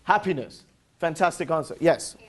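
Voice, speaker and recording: A man's voice: on the high side, moderate pace. A man with an English accent giving an interactive motivational seminar, upbeat and playful, drilling his audience with call-and-response questions and teasing jokes. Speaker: seminar presenter.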